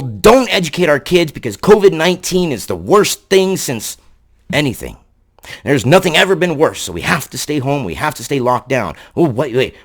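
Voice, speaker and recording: A man's voice: fairly high pitch, big pitch swings, moderate pace. A man delivering angry political commentary, sarcastic and profane in his ranting.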